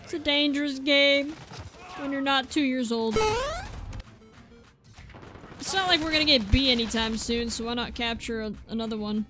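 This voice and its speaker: A woman giving excitable gameplay commentary, exclaiming and talking at enemies as she plays. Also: high voice, normal speed, long pauses. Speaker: gaming video creator. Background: game gunfire and music.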